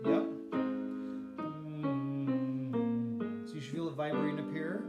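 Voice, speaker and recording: A man teaching a vocal warm-up lesson, explaining breathing and demonstrating humming exercises with a piano. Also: fairly high pitch, fairly even intonation, very fast. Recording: echoey room with piano.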